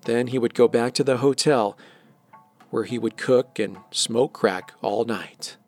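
A man delivering scripted documentary narration in a measured, even way. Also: medium pitch, faint music behind.

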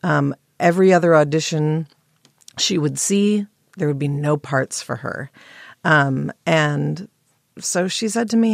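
A woman playwright, hoarse with morning voice, clearing her throat and answering interview questions thoughtfully with pauses and restarts. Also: low-pitched, no echo, clean studio sound. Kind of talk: interview guest.

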